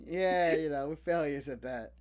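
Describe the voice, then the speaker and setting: A man's voice: on the high side, moderate pace, a crowd in the background. A young American man with an American accent, co-hosting a casual chat show, joking and bursting into laughs. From United States. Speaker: podcast co-host.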